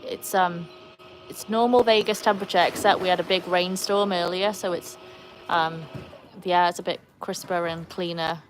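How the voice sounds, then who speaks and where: A woman with an English accent hosting a casual live stream outdoors in the shade, chatting to viewers and jumping to high, excited tones when she calls to her dogs. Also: normal speed, a little hiss or hum, poor audio.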